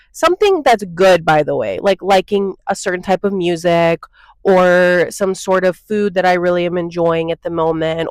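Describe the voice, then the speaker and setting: A woman's voice: lowish voice, dry recording, low-quality recording. A young woman ranting bluntly into her phone for a casual opinion vlog, peppering her talk with "like" and "okay?". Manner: blunt and exasperated, lots of "like" and "okay?". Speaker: vlogger. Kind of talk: casual opinion rant to camera.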